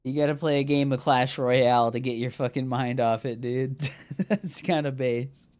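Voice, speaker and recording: A man's voice: medium pitch, steady tone, normal speed, darkish tone. A man streaming a strategy game, talking casually to his chat, swearing and venting frustration while explaining his build. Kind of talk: casual livestream talk over gameplay.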